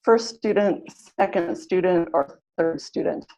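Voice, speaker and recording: A woman leading an online teaching webinar, upbeat, who slows down to sound out words syllable by syllable. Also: fairly low pitch, mellow, highs cut off. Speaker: teacher trainer.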